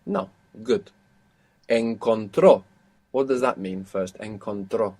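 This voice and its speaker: A man's voice: fairly low pitch, takes it slowly, darkish tone. Patient male language teacher. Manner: patient, explains step by step. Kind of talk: audio course instruction.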